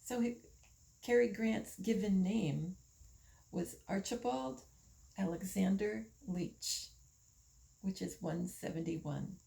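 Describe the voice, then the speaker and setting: Slow, gravelly woman musing aloud. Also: mid-range voice, mellow, poor audio. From United States. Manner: slow, musing, with pauses and fillers. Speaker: vlogger. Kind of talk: casual monologue.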